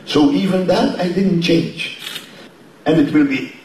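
A man, an opera director, speaking in an interview in a slow, deliberate way with pauses between phrases. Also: a little high, darkish tone, distant mic, a little hiss or hum. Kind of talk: interview answer. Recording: echoey room, voice from afar.

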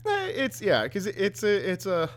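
A man's voice: high voice, wildly swooping pitch, normal speed. A man in casual podcast chat, reacting to a friend's stories with easygoing jokes. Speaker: podcast co-host.

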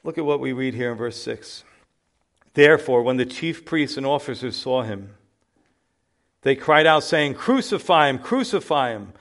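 A male pastor preaching a sermon, building to loud emphatic exclamations. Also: mid-range voice, animated, moderate pace.

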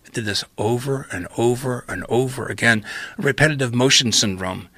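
A man guest on a podcast telling a long story in casual chat, acting out his own past lines with lively quoted voices. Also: medium pitch, normal speed, dry recording.

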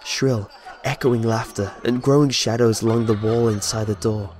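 A man's voice: mid-range voice, steady tone, moderate pace, darkish tone, soft background music. A man narrating a horror story in a dramatic, scripted way. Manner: dramatic storytelling with voiced dialogue.

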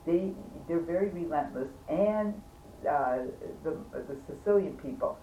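Woman, lowish voice, emphatic storyteller, repeats for stress, roomy echo, faint background noise. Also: measured pace, far from the mic, muffled recording. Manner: animated, chatty, laughs mid-sentence. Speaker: storyteller recounting an accident. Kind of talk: casual conversational storytelling.

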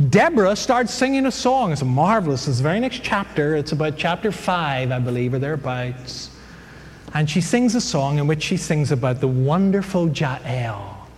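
Chatty, joking male Bible lecturer, fairly high voice, long hall reverb, faint noise. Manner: chatty, digressive, joking, many fillers. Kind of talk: humorous lecture to an audience.

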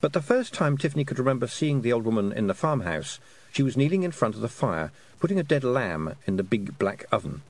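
A man narrating an audiobook in an expressive storytelling manner. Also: medium pitch, a little fast. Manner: expressive storytelling, voicing the characters. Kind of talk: scripted narration.

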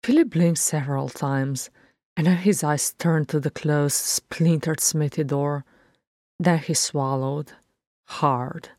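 A woman narrates a story in a low, unhurried voice. Her reading is steady and measured, and the recording is dry and close. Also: dry recording. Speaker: reader. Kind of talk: audiobook fan fiction narration.

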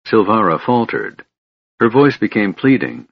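Male audiobook narrator, husky low voice, dull lo-fi recording. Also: lively intonation, moderate pace, dry recording. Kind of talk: scripted narration. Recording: muffled lo-fi recording.

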